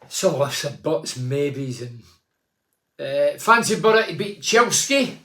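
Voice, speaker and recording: A man's voice: a little high, sing-song, normal speed, sharp tone. A man in his sixties hosting a casual phone-in, reading out fans' messages and telling stories from his playing days. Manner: chatty storytelling, reads fans' messages aloud. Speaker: phone-in show host and former footballer. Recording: echoey room.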